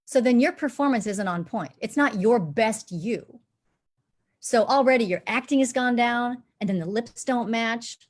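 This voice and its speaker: Woman, dialect coach, animated explainer; demonstrates accents mid-sentence. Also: a little high, unhurried. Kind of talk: live panel discussion.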